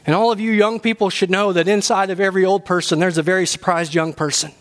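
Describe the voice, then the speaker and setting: A man with a notably high voice preaches a sermon to his church. His delivery is animated and humorous, and he climbs to emphatic points. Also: fast talker. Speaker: pastor.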